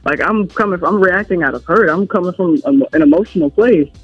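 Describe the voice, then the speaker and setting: A woman's voice: on the low side, quick pace, husky, dry recording, highs cut off, soft background music. A woman from the Washington DC area, a guest artist and songwriter talking openly in a casual interview and acting out what others say to her. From Washington DC metro area. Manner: candid and open, acts out what others say.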